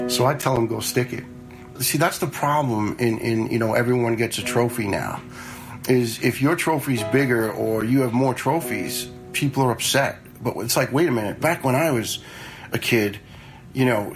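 A man's voice: mid-range voice, creaky, a little hiss or hum, low-quality recording. A man in his fifties, a retired fire lieutenant, telling stories in a blunt, conversational way with some swearing. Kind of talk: casual storytelling.

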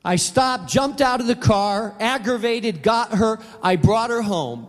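A man's voice: sits high, lively intonation, a little slow. A middle-aged man, a pastor, preaching a sermon in a church auditorium and telling personal stories in a conversational way, acting out the voices in them. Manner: conversational, acts out voices in anecdotes. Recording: reverberant hall sound.

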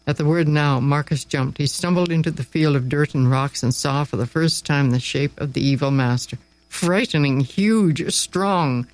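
A man narrating a story aloud, expressive and dramatic, with slow pauses for effect. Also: fairly high pitch, rough recording.

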